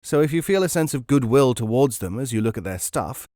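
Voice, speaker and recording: A man's voice: mid-range voice, animated, a little fast, warm tone, no echo, studio quality, lightly acted. Male reader as a shrewd, breezy dealer, knowing, lightly raised. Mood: explaining. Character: worldly, shrewd male market dealer, amused mentor.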